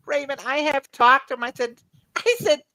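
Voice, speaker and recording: A woman's voice: high voice, normal speed, noisy background. A woman chatting casually as a guest, talking freely and often repeating and restarting her words. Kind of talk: casual chat.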